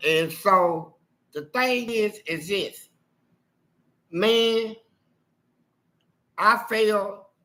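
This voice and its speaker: Give me a man with a bright, forceful voice, spinning a slangy personal story live and acting out every quote with animated energy. He talks casually and jumps into the voices of the people in his tale. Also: high voice, rough recording.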